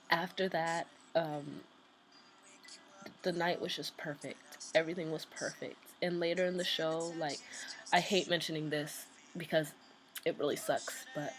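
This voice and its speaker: A woman vlogger casually telling a story, chatty and excited, with lots of "like" and "um" fillers. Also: sits low, slight background noise, rough recording.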